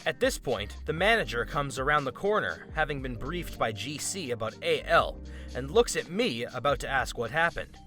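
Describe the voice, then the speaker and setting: A man narrating an online story aloud in an expressive, steady way. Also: medium pitch, normal speed, faint music behind.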